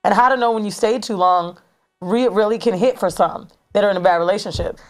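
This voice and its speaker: A woman in her thirties telling a story in casual chat as a podcast co-host, animated and slangy, recorded in a studio. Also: mid-range voice, brisk. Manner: animated, slangy, dramatic retelling.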